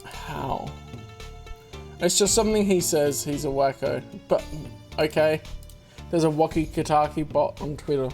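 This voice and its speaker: Brief: woman, let's play host, unhurried chatty commentary, faint music under. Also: sits low, darkish tone. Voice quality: chatty, amused asides. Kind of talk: casual game commentary, reading dialogue aloud.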